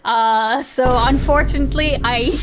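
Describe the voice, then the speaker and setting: A woman's voice: high voice, noisy background. A woman with a South Asian accent, streaming and reacting in rambling, casual chat that is full of swearing and frequent laughter.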